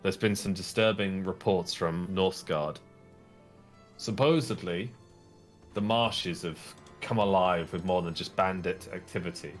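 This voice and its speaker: A man's voice: low voice, measured pace, faint music behind. A man narrating as game master and voicing the non-player characters in a tabletop role-playing game, in a casual, rambling way.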